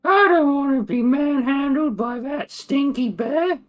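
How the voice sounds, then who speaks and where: A man speaks in a very high, cheeky voice as his tabletop character. He sounds sulky and stubborn, answering back in short lines. Soft music plays faintly under the table talk. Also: animated, measured pace. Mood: grumpy. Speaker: player of the character Scrick.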